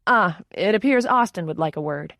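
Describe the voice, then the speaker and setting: Woman voicing a brisk, serious publicist. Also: on the low side, expressive, a bit bright, no echo, clean studio sound. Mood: firm. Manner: crisp, firm, businesslike.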